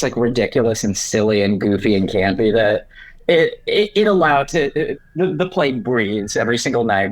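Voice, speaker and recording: Bubbly young actor talking shop. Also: male voice, fairly low pitch, no echo, rough recording. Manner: bubbly, laughs often, quick asides. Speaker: actor, podcast guest. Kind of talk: casual interview chat.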